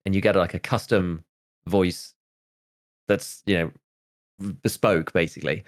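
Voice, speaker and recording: A man's voice: low voice, fairly even intonation, unhurried. A man in his thirties, a podcast host chatting casually and rambling, with lots of "like" and restarts. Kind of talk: casual chat.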